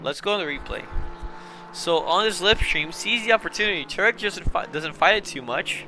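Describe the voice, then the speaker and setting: Hiccups keep interrupting a young man's live sim racing commentary, so he mocks himself, apologises and laughs between calls, sounding flustered. His voice is high and animated, his pace normal, and the background is noisy.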